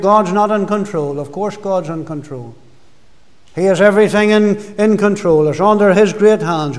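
A man, older, preaching a sermon in a gospel hall, emphatic and fervent with soft, falling endings. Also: fairly high pitch. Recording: long hall reverb.

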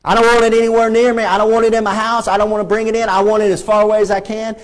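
A man's voice: sits high, little pitch movement, very fast, hardly any pauses. A man with a Texan accent preaching a fervent sermon as pastor in a church, repeating his points and rising to emphatic peaks. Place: church sanctuary.

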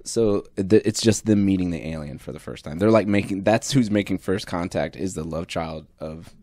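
A man hosting a comedy podcast, pitching ideas in fast, laughing, rambling bursts. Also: mellow, dry recording, clean studio sound. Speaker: podcast host. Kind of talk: casual comedy chat. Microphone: studio mic.

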